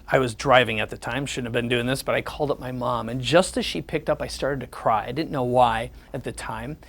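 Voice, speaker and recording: A man's voice: mid-range voice, steady tone, a little fast, gravelly, fairly bright tone. A man giving a sales presentation, telling personal stories and acting out the conversations in them. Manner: storytelling, repeats the words of others in conversation.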